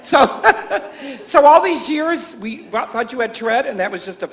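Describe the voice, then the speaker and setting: A man with a very high, animated voice speaks at a normal speed while addressing health professionals at a conference. He teaches and works at a camp, and his talk is full of stories, regular chuckles, fillers, and false starts.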